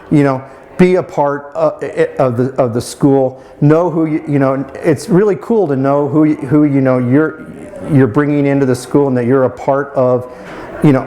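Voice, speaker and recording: A man's voice: mid-range voice, mellow, slight background noise. A man in his fifties answering interview questions as a former student, talking fondly with many restarts and fillers. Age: 50s. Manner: halting, with many restarts and "you know" fillers; fond, admiring. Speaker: alumnus interviewee.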